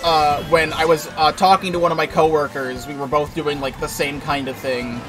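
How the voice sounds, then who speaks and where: Here a man with a fairly high pitch and level tone talks at normal speed during a racing game stream, game music in the background. Between casual remarks he spins a rambling work tale, heavy on fillers, with a swear now and then.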